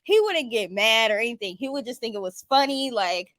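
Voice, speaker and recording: Woman, casual storytelling, chatty, animated, dry close sound. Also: a little high, a little fast, no room sound. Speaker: spiritual vlogger.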